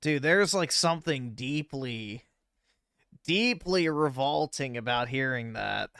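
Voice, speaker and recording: A man's voice: medium pitch, lively intonation, slow, creaky, a bit bright, clean tone, dry recording, clean studio sound. A man streaming casual reaction commentary, crude, mocking and sarcastic.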